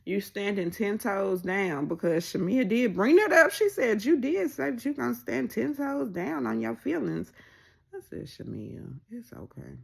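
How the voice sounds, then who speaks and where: A woman's voice: normal speed, gravelly, breathy edge. A woman casually recapping a reality show, acting out what people said with big swings in her voice. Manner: animated, acts out quoted lines with pitch jumps.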